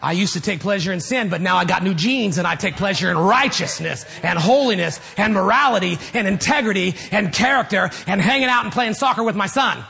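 A man preaching a sermon as pastor, animated and rising to loud shouts at times. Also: high-pitched, a little fast, creaky, hardly any pauses, slightly rough.

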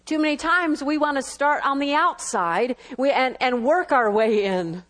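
High-voiced woman preaching a sermon. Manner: lively, laughing asides, quick bursts of speech.

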